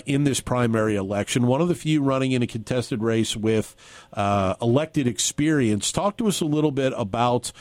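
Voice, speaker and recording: A man hosts a radio talk show at a medium pitch, talking conversationally with occasional fillers. His voice sounds dry and close, recorded in a studio. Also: no room sound.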